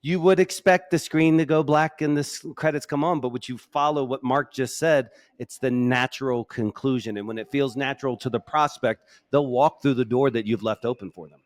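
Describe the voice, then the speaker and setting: An enthusiastic man hosts a sales podcast, often chiming in to agree and adding his own comparisons. His voice sits at a middle pitch. The recording is dry and close, with no room sound. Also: moderate pace, few pauses, no echo. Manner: enthusiastic, frequent affirmations, builds on guest's points. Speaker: podcast host. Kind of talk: podcast interview.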